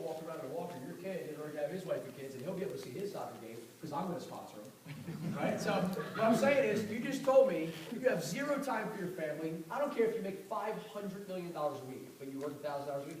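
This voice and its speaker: Man, sales trainer, fast and fired up, slightly high voice, recorded from afar in a very echoey room. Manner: energetic, repetitive, acts out sales dialogues. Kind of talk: motivational sales training talk. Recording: very echoey distant room recording with faint noise.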